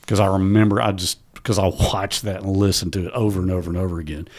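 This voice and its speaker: A middle-aged man, a guest on a podcast, telling stories in a halting way with frequent restarts and fillers. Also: low voice. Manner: halting, restarts often, then quotes his father in a raised animated voice. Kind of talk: conversational storytelling.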